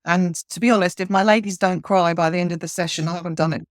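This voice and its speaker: Guest interviewee: woman, lowish voice, earnest and halting, dry close mic. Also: steady tone, no room sound. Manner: earnest, frequent restarts and ums. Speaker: horse communicator guest. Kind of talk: casual interview chat.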